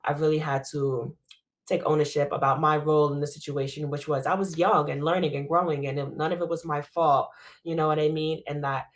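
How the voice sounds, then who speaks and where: A woman's voice: deep voice, steady tone, a little fast. A woman in casual podcast chat, reflective and earnest, often saying "you know".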